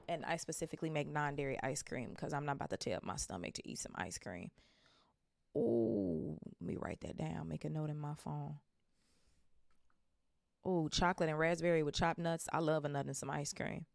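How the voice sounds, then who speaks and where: A woman with a low, gravelly voice reads a novel aloud for her book club podcast. She breaks off into chatty asides and stumbles over hard names before correcting herself. Her voice sounds dry and close to the mic. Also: lively intonation, moderate pace, dry recording.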